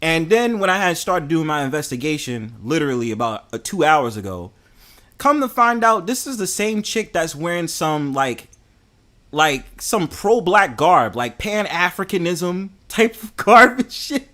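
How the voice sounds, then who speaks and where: A young man with a New York accent, ranting in a casual, profane and animated way to his live chat. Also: high voice, moderate pace. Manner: profane, animated, heated and joking. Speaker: host.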